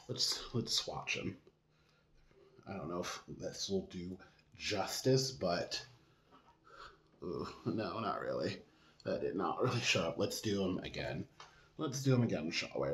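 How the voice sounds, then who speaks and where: A man chatting casually in a makeup review vlog, expressive and gushing with drawn-out exclamations. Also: mid-range voice. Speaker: beauty vlogger. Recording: echoey room.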